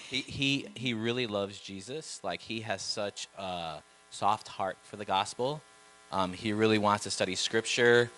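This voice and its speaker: A man's voice: lowish voice, measured pace, bright, forceful tone, a little hiss or hum, low-quality recording. A man missionary casually sharing a family story with a church. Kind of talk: church testimony talk.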